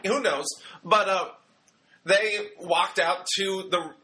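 Young male reviewer, bright slightly high voice, rambling jokey recap delivery. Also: steady tone, takes it slowly. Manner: chatty, rambling, joking, acts out quotes. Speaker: wrestling show reviewer. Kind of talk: casual recap commentary.

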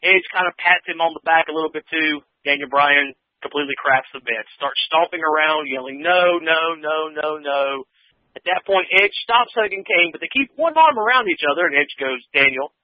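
A man's voice: a little high, expressive, fairly quick, hardly any pauses, no room sound. A man casually recapping a wrestling show for a podcast, rambling with lots of fillers and acting out quotes. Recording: tinny phone line.

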